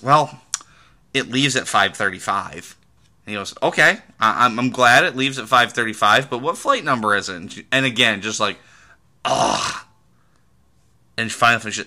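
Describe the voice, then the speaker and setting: A man's voice: medium pitch, pushed and bright. A young adult man from the American Midwest hosting a casual solo podcast, telling rambling stories full of fillers and restarts. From Midwest United States. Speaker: podcast host.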